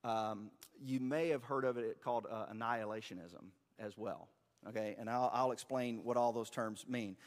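A man's voice: medium pitch, fairly even intonation, normal speed, long reverb tail. A man teaching a church class in a conversational, explaining way, with fillers and restarts. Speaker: pastor or teacher.

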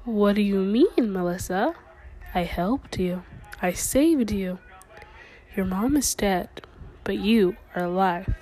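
A woman voicing a calm, sinister ghost girl in a soft, hushed way in a spoken story. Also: mid-range voice, slow, long pauses, poor audio. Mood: chilling.

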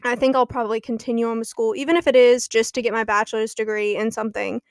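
A woman's voice: a little high, flat delivery, fast talker, no room sound, studio quality. A young woman hosting her own podcast, chatting casually and gossiping, often laughing as she talks. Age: young adult. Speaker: podcast host. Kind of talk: casual chat.

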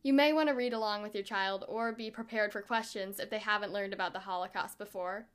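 A woman reviewing a book with a bright, enthusiastic, expressive delivery, hosting her own show. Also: mid-range voice, a little fast, smooth.

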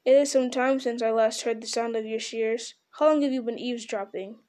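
Commanding old wizard, grim and gruff, mellow tone, as a woman reads him. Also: on the high side, fairly even intonation, brisk, slight background noise, lightly acted. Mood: stern. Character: stern old male wizard, gruff but kindly.

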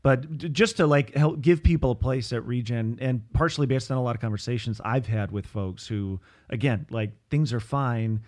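A man in his thirties, a pastor and podcast host, chats in a loose, rambling way, full of fillers and restarts. He stays upbeat throughout, with an ordinary mid-range pitch. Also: moderate pace, hardly any pauses, darkish tone. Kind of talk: casual chat.

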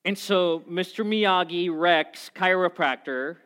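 Conversational preacher man, slightly high voice. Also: slow pace, smooth. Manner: animated storytelling, conversational. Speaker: pastor. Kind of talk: sermon.

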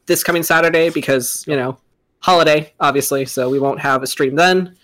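A man's voice: fairly high pitch, a little fast, fairly bright tone. Easygoing man running a game stream. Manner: joking, easygoing announcements. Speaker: dungeon master. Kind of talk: casual stream chat.

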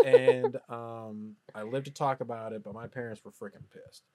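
A man co-hosting a podcast, casually telling a story, animated, laughing often and dropping to a hush for suspense. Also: medium pitch, moderate pace. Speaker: podcast co-host.

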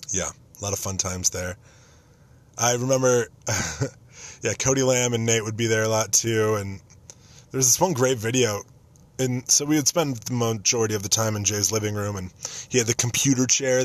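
A young man hosting a podcast, telling casual stories about a friend with self-mocking jokes. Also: fairly low pitch. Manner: self-mocking, joking, nostalgic. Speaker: podcast host. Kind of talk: casual storytelling monologue.

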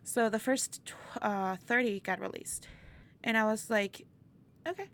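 A woman tells a story as an interview guest, her voice carrying a gravelly edge. She is animated, laughing often and acting out other people's lines. A faint hiss sits under the recording. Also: mid-range voice, unhurried. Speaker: interview guest, burlesque performer. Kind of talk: casual storytelling chat.

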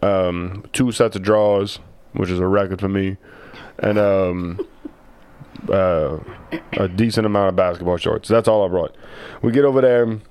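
Low-pitched man, podcast co-host, lively storyteller who slips into voices of his relatives. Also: a little slow, long pauses, clean tone. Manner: animated storyteller who acts out family members' voices. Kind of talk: casual storytelling chat.

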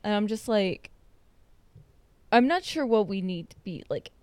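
A woman's voice: medium pitch, lively intonation, a little slow, darkish tone, no echo. A young woman co-hosting a podcast, chatting casually and rambling with many fillers. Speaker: podcast co-host. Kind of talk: casual chat.

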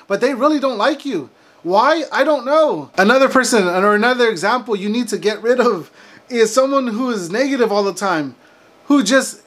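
Very high-voiced preachy man. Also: a bit bright. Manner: emphatic, ranting, preacher-like. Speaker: Christian faith vlogger. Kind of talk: preachy motivational monologue.

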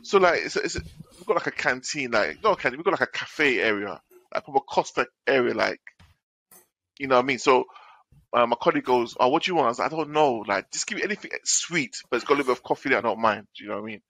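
A podcast co-host with a medium-pitched voice tells a story at a quick pace with no echo. He's animated and casual, his chat loaded with London slang.

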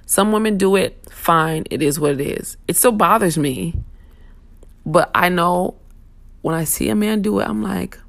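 A woman's voice: fairly low pitch, unhurried, creaky, dry recording. A young woman hosting a casual talk show, venting bluntly and sassily with plenty of profanity. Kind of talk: casual opinion rant.

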